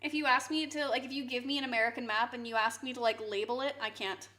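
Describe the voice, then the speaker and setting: A woman with a bright, high voice hosts a relaxed cooking stream. She chats playfully with her viewers, teasing them in an easygoing way. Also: fast. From Canada. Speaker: live streamer. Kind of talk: casual chat with viewers while cooking.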